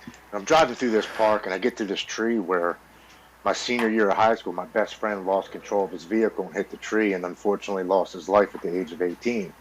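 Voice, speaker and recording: A man in his forties, a podcast guest recounting his own recovery story. His voice sits a touch low, and he talks in an earnest, blunt way with occasional swearing. He often repeats words as he works through the memory. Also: fairly even intonation, brisk, slight background noise, poor audio. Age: 40s.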